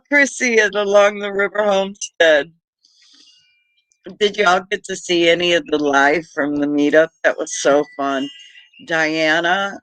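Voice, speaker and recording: Middle-aged british-born guy doing a laid-back livestream, kinda high bright voice, lots of laughs and shoutouts. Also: no room sound, low-quality recording. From Britain. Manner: chatty, laughs often, greets viewers by name. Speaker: homestead livestream host. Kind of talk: casual livestream chat.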